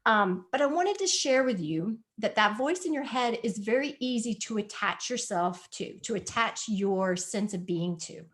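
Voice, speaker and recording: A woman's voice: medium pitch, lively intonation, measured pace, hardly any pauses, a bit bright. A woman presenting a spiritual health talk over a video call, earnest and coaxing, repeating her points. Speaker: wellness presenter. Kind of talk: live online presentation.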